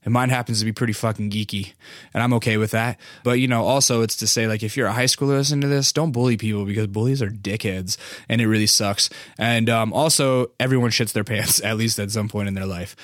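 A man's voice: on the low side, steady tone, fast talker, no echo, studio quality. A man in his thirties hosting a podcast, telling a story in a loose, profane, chatty way with lots of fillers. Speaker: podcast host. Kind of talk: casual storytelling monologue.

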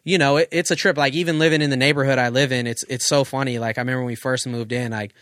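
A man's voice: mid-range voice, fairly even intonation, very fast, fairly bright tone, dry recording, studio quality. A man in his thirties, a photographer, chatting casually and reflectively on a podcast, loose and full of profanity. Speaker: guest photographer.

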